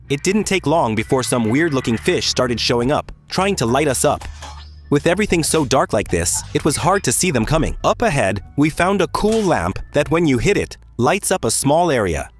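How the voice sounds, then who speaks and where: A man recaps a video game's story in a casual, animated way, swinging his pitch around and throwing in offhand asides. Faint music plays quietly behind his voice. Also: normal speed. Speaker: gaming YouTuber. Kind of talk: let's-play story narration.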